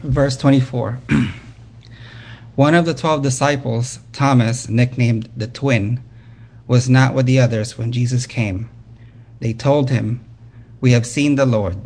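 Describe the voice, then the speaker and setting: A man reading a Bible passage aloud at a steady, measured pace, with an occasional slip. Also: mid-range voice. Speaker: scripture reader.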